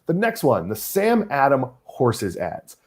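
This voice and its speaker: Lively, wry middle-aged man hosting. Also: medium pitch, slow. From Massachusetts. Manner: wry, teasing. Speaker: host. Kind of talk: casual chat.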